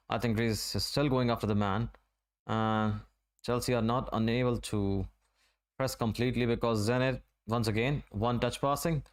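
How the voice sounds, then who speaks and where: A man from Asia giving relaxed, running play-by-play commentary during a live football watch-along stream. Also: mid-range voice, smooth. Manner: running play-by-play, conversational and unhurried.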